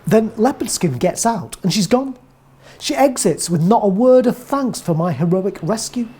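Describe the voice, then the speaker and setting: A woman with an English accent delivering a wry, deadpan first-person comic monologue as a narrator. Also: mid-range voice, moderate pace, husky.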